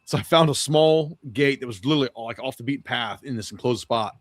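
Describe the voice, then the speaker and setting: This medium-pitched man talks briskly, with no room sound audible. A podcast guest or co-host, he spins a rambling, foul-mouthed travel anecdote, voicing the characters he ran into through quoted lines.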